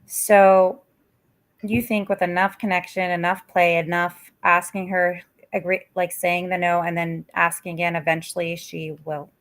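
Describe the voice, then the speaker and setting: A woman's voice: fairly low pitch, little pitch movement, normal speed, a bit bright. A woman asking a parenting coach for advice, hesitant and searching for words, with lots of fillers. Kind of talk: advice conversation.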